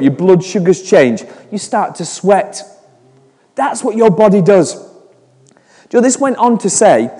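A man's voice: fairly high pitch, dark tone, in a large hall. A man in his forties giving a chatty sermon, telling stories with frequent restarts. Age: 40s. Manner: chatty storytelling with repeated restarts. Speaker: preacher.

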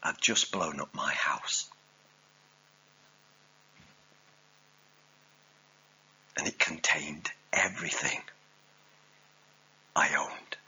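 A preacher voicing a French cannon gunner. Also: male voice, rumbling low, slow, pushed and bright, slightly rough, highs cut off, pitched below the performer's own voice, full character voice. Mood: hushed grief. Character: young male French gunner, eager soldier.

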